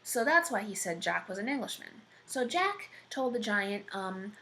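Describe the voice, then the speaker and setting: A woman's voice: medium pitch, very animated, normal speed, hardly any pauses, pushed and bright, slight background noise. A woman telling an improvised story parody in a casual way, rambling, swearing and using lots of fillers. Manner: rambling, profane, full of fillers.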